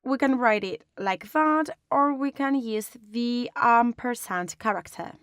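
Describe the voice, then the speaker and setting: A woman explaining a design lesson step by step in a calm, instructional way, recorded as a close voice-over. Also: a little high, a little slow, clean tone, no echo. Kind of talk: online lesson narration.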